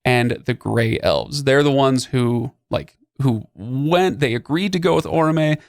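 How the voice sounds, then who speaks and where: Man, podcast host, gravelly voice, dry close sound, rambling explanations. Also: mid-range voice, lively intonation, measured pace, no echo. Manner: explains at length with many fillers and restarts. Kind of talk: casual podcast discussion.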